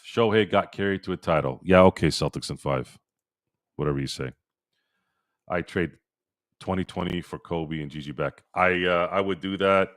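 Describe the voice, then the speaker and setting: A middle-aged man hosting a casual sports live-stream, excitable and animated, answering viewers in chat. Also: low voice, dry recording, studio quality. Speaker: sports podcast host.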